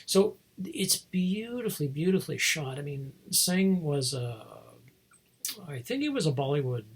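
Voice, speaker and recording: A man's voice: a little high, big pitch swings, unhurried, breathy edge. A man hosting a podcast, talking casually and rambling through a film's story with many digressions. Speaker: podcast host. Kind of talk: casual film review.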